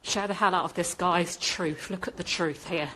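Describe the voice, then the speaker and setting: A woman's voice: fairly low pitch, fairly even intonation, moderate pace, pushed and bright. Woman ranting into her phone, walking empty hospital halls, faint hiss behind. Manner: indignant, urging viewers to look. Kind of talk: handheld walk-through video rant.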